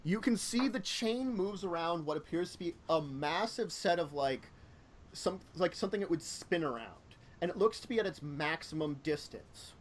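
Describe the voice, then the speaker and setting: A man's voice: a little high, animated, normal speed, slight background noise. A man narrating a tabletop game as game master, rambling with many fillers and self-corrections.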